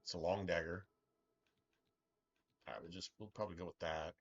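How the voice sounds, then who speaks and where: A man's voice: low voice, fairly even intonation, a little fast, highs cut off. A middle-aged man chatting casually on a live game stream, rambling and profane, with strong opinions. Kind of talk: casual live-stream chat while gaming.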